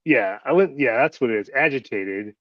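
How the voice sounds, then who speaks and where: A man's voice: medium pitch, lively intonation, a little fast, dry recording. A man hosting a casual chat, rambling and swearing freely. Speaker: host. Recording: dull lo-fi audio.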